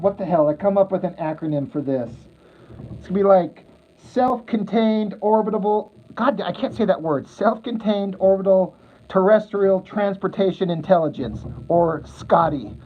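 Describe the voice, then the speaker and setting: Speaking at a normal pace in a high voice, a man chats casually with viewers as he sketches on his livestream, answering chat, rambling, teasing himself and laughing at his own jokes. The sound is thin and phone-like, with faint background noise.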